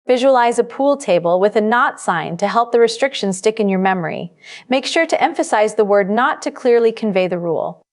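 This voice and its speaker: A woman narrating a scripted test-prep lesson in a clear, measured, instructive way. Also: on the high side, animated.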